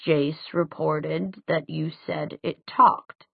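A woman reading the part of an older male tutor, speaking quietly, slowly and deliberately, grave and measured. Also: sits low, fairly even intonation, creaky, husky, no room sound, heavily acted. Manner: quiet, slow, deliberate speech. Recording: dry, tinny phone-like sound.

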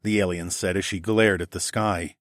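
A man narrating a first-person adventure novel in a steady storytelling read, lifting his energy for the dialogue. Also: low voice, moderate pace, no echo, clean studio sound. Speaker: audiobook narrator.

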